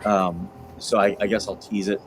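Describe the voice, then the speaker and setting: Male streamer, lowish voice, halting and apologetic, faint noise. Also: flat delivery, poor audio. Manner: hesitant, apologetic, halting restarts. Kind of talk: casual chat on a livestream call. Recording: livestream call audio with faint noise.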